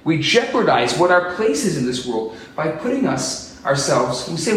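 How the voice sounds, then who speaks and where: A man preaching a sermon as a rabbi, animated and acting out quotes in different voices. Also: on the high side, moderate pace, slight background noise. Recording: echoey room, distant mic.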